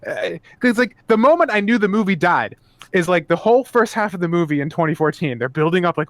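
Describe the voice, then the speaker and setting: A man co-hosting a casual podcast, ranting with animated, profane energy. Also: high voice, fast talker, no echo. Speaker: podcast co-host.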